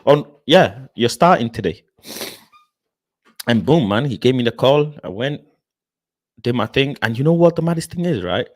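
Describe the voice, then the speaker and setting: A young man hosting a casual livestream, reading viewers' comments aloud and reacting with lively, expressive energy. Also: mid-range voice, normal speed, pauses often, no echo, studio quality. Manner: animated, expressive, laughs often, addresses viewers by name. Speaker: livestream host reading chat.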